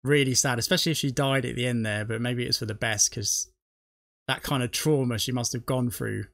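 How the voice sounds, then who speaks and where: A man's voice: mid-range voice, fairly even intonation, fairly quick, creaky, a bit bright, no room sound. A man, the host of a reaction video, rambling chattily and laughing often. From not from the US. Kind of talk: casual chat.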